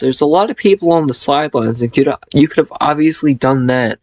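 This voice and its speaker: A man's voice: a little high, fairly quick, few pauses, a little mellow, no room sound. A man reading a fan fiction aloud and mocking it with sarcastic, profane, exasperated asides. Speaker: reader and commentator.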